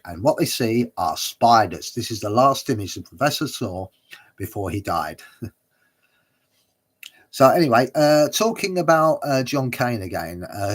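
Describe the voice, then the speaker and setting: A man's voice: lowish voice, a bit bright, breathy edge. A man hosting a watch-along livestream, giving casual, hesitant commentary full of uhs and chuckles.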